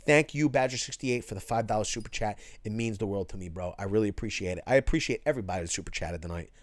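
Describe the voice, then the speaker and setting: A man hosting a casual live stream, reading viewer chat aloud and answering in a loose, animated way. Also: fairly low pitch, fast talker, dry recording, studio quality. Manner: animated, reads chat aloud, calls people bro. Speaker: livestream host reading chat.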